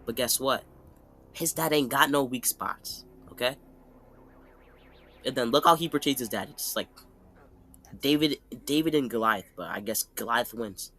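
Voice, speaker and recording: A man's voice: medium pitch, measured pace, long pauses, sharp tone. A man casually recapping an anime fight in a rambling, slangy way, often checking in with "okay?". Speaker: anime commentator.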